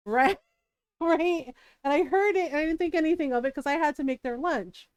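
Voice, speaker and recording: A woman's voice: high voice, animated, normal speed, no echo. A middle-aged woman telling stories from home in a casual chat on her stream, laughing often and checking in with "right?". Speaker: streamer and mother.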